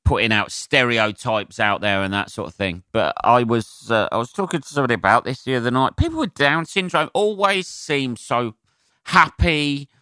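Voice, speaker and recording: A comedian rambles through his solo podcast, swearing freely and filling gaps with ums. His voice is bright and sharp, smooth and clear, and it sits close to the mic with a dry sound. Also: mid-range voice, very animated, moderate pace, no echo. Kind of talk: casual solo podcast monologue.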